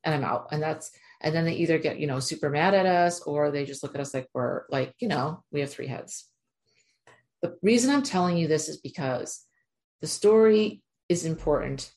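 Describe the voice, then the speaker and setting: A woman with a low, deep speaking voice tells a personal story straight to the listener. She talks in an emphatic, chatty way, leaning on fillers like "like" and pressing hard on her points. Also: lively intonation, moderate pace, darkish tone. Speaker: animal communicator. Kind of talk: casual storytelling monologue.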